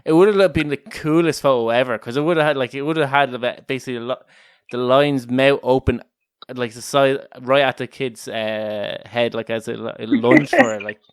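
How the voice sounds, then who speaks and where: A man's voice: medium pitch, fairly even intonation, moderate pace, smooth, no room sound. Rambling, laughing Irish man on a dry mic. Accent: Irish, Kildare. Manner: rambling storyteller, laughs often, swears. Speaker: podcast co-host. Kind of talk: casual chat.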